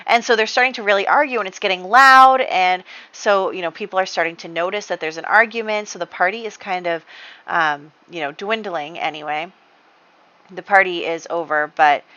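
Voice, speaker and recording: A woman's voice: medium pitch, sharp tone, dull audio. A woman hosting a life-sim game playthrough, chatting along as she narrates the drama and acts out the characters' lines. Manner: chatty storytelling, acting out characters' dialogue. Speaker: let's-play host.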